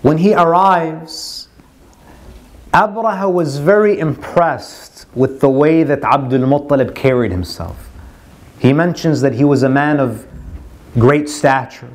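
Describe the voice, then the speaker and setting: A man with a notably high voice narrates a religious story as a lecture. He quotes Arabic lines and then explains them in translation, keeping a steady storytelling flow. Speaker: religious speaker.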